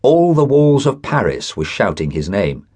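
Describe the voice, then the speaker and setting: A man's voice: fairly low pitch, sing-song, normal speed, darkish tone, breathy edge. A man narrating a classic short story as an audiobook reader, telling it expressively and voicing the characters' dialogue.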